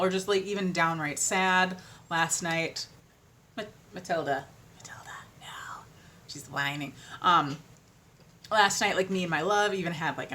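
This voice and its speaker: A woman's voice: medium pitch, sharp tone, a little hiss or hum. A young adult woman vlogger in casual chat, rambling with fillers and trailing off, sounding tired.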